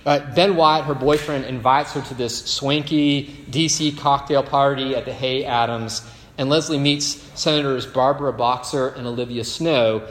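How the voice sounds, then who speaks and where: Man preaching in an echoing hall. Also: mid-range voice. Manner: storytelling, rhetorical asides. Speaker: pastor. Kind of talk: sermon. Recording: echoey hall with faint ambience.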